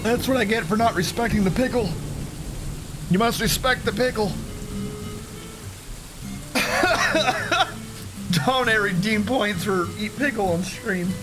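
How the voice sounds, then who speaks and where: A man streaming a game, chatting casually in a rambling, profane, self-mocking way, a little hoarse after choking. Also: sits high, normal speed, over music. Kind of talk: casual let's-play chat.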